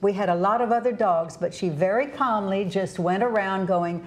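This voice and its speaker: A woman's voice: medium pitch, moderate pace. Brief: middle-aged woman, TV show host, casual and chatty, mid-range voice. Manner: chatty, warm-hearted storytelling about dogs with frequent restarts. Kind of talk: casual interview chat.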